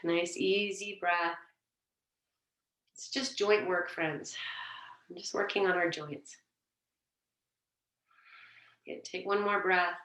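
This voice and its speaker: Gentle woman guiding a yoga class. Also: lowish voice, slow pace, long pauses. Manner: gentle, encouraging, relaxed cues. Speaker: yoga teacher. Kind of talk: guided yoga class instruction. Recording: echoey room, mic far off.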